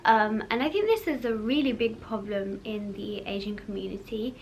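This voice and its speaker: A young woman chatting casually to camera as a vlog host, full of fillers and quick laughs. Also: medium pitch, darkish tone, slight background noise.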